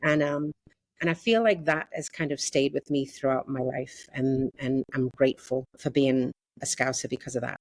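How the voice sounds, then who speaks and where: Scouse lady in her 60s, low voice, lots of "you know", dry close sound. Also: fairly even intonation, normal speed, dry recording. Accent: Liverpool. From Liverpool, England. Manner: chatty, many fillers like "you know". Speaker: podcast guest, interior designer. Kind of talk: casual interview chat.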